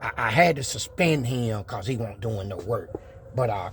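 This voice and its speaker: A man's voice: medium pitch, lively intonation, normal speed, breathy edge. A man talking casually to his viewers about his truck build, boastful and preachy in manner.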